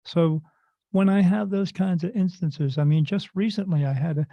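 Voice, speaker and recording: Gravelly man telling stories animatedly. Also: sits high, moderate pace, no room sound, highs cut off. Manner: animated storyteller acting out quoted voices. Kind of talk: casual storytelling interview.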